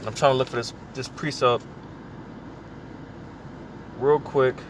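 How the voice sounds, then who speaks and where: A man teaching scripture in a loose, conversational way, peppering his talk with "man" and "you know". He slows right down when he reads verses aloud. His voice sits at an ordinary pitch, with faint traffic sounds behind him. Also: steady tone. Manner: casual, repeats filler words like "man" and "you know". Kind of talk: informal preaching.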